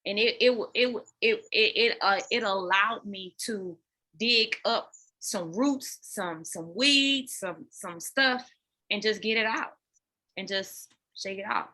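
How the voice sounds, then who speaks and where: A woman guest on a podcast, candidly telling her personal story in an animated way, often talking straight to listeners and repeating words as she goes. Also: mid-range voice, takes it slowly. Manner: animated, addresses listeners as y'all, repeats words when emotional. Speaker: podcast guest, dance fitness coach.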